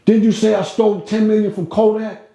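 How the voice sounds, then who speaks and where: A man's voice: high voice, level tone, fairly quick, warm tone, pitched above the performer's own voice. A man putting on a cranky old Italian mobster. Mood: irritated. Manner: gruff, cursing, needling. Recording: roomy echo.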